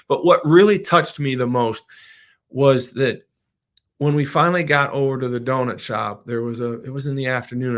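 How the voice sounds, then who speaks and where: A middle-aged man with a gravelly edge to his voice, sitting at a middling pitch. He runs a casual livestream as a business owner and talks in a rambling, heartfelt way with many restarts, his feelings showing through. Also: fairly bright tone. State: emotional.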